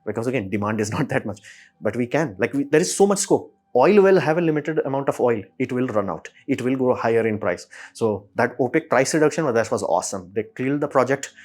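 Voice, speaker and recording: A man rants his way through an explainer in a casual monologue. He is blunt and sarcastic, throws in quick asides, and his voice sits at a mid pitch. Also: lively intonation, darkish tone. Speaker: host.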